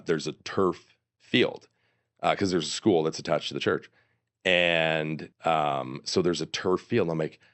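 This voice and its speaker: A middle-aged man, a guest on an interview show, telling a story in an animated, rambling way. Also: sits low.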